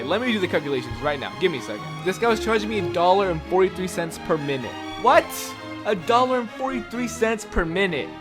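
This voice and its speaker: A man telling a personal story in a casual, exasperated rant full of swearing. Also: on the high side. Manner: exasperated, profane ranting.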